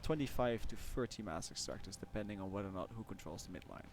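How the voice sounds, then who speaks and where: Low gravelly guy casually commentating a strategy game, faint hiss behind. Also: fast. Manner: relaxed, explains maps step by step. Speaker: caster.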